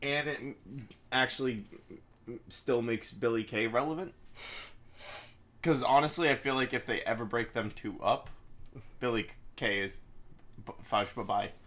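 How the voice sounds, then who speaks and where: A man co-hosting a podcast in casual chat, laid-back and quick to laugh. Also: mid-range voice, fairly bright tone. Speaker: podcast co-host.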